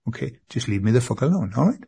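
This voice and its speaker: Gravelly, husky man. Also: medium pitch, very animated, dark tone. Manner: earnest, repetitive, halting with restarts. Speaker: client in a therapy session. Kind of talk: emotional spoken address to an empty chair.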